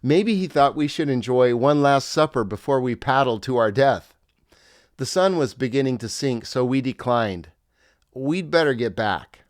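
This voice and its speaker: A man's voice: medium pitch, moderate pace, no room sound, studio quality. A middle-aged man, a former pastor, narrating his memoir in a wry, reflective storytelling manner.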